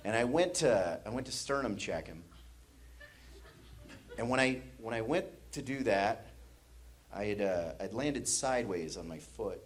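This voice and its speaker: A man's voice: fairly low pitch, expressive, a little slow, long pauses. A man from the American Midwest doing stand-up comedy, telling a story with laughter and sound effects on a comedy stage.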